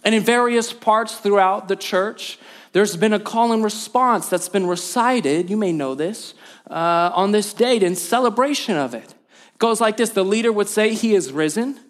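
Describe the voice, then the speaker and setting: A man's voice: sits high, moderate pace. A man, a lead pastor, preaching a sermon in a church with emphatic repetition and call and response. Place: church hall.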